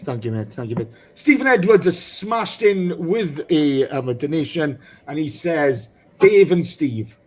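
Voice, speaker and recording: A man hosting a football podcast, speaking emotionally and haltingly with many pauses. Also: a little high, animated, low-quality recording. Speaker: podcast host. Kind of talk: casual football podcast chat.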